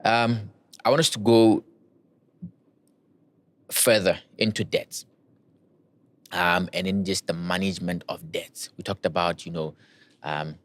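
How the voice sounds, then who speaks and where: A man hosting an interview, reacting with short, playful remarks. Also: deep voice. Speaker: host.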